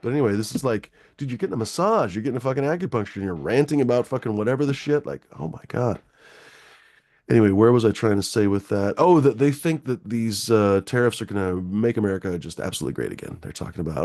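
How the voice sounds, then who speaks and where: A man's voice: on the low side, expressive, a little fast, dark tone, no room sound, studio quality. A middle-aged man hosting a call-in show, ranting about politics in a profane, rambling, sarcastic way. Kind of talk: casual political rant.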